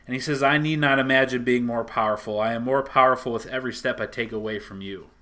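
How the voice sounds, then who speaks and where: Bright-voiced man retelling a comic story. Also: mid-range voice, fast. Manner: animated storyteller, acts out lines.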